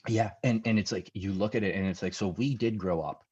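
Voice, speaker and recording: A young man with a low, husky voice spins profane, animated stories from childhood as a podcast guest. The audio comes through dull and lo-fi. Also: a little fast. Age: 20s. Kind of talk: casual storytelling chat.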